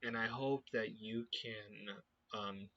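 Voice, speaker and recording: Earnest, halting youth leader, man. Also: fairly low pitch, steady tone, pushed and bright. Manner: earnest, halting, searching for words. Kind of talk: personal faith reflection to camera. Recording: dull lo-fi recording.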